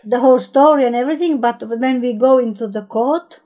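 Enthusiastic woman with a mellow voice. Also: on the high side, a little fast. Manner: enthusiastic, searching for words, non-native grammar. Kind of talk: casual chat about films.

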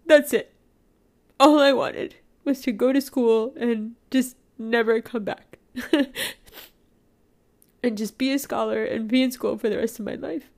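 A woman's voice: fairly high pitch, steady tone, a little slow, long pauses, a little mellow. A woman in a candid personal monologue, emotional and raw, swearing freely, laughing and tearing up by turns.

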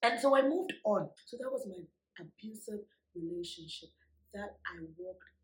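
A woman vlogger telling a personal story to her viewers in an emphatic, animated way, laughing often. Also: mid-range voice, moderate pace, low-quality recording. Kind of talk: storytime vlog.

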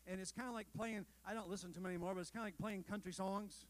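Pastor guy with a pretty high voice, preaching casual, lots of asides and jokes at himself. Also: steady tone, racing, poor audio. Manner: conversational preaching with rhetorical questions and asides; self-deprecating humor with the congregation. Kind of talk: sermon.

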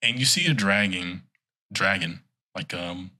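A man's voice: sits low, unhurried, sharp tone. A man in casual chat, telling a rambling, playful story as a podcast co-host.

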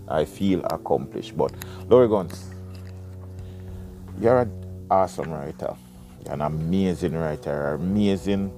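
A man's voice: deep voice, a little mellow. A man, reading a book aloud and breaking off into rambling, chatty asides as a podcast host. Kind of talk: casual reading with side commentary.

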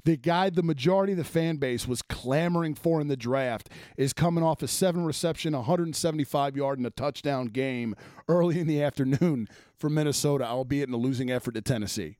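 A man's voice: fairly high pitch, fairly quick, darkish tone, no room sound, clean studio sound. A man ranting about sports as a host, blunt and exasperated, swearing freely. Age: adult, former offensive lineman. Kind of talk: profane sports rant.

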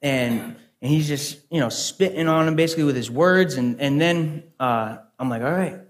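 Earnest, slightly high-voiced young preacher. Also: male voice. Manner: earnest, conversational, halting restarts. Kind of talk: sermon with personal stories.

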